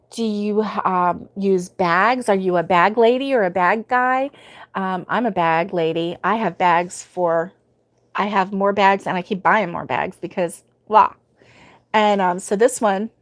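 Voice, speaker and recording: Middle-aged lady chatting on her crochet livestream, laughs easy, reads out comments, voice sits mid range. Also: mid-range voice. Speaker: host of a live crochet stream. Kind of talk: casual live-stream chat.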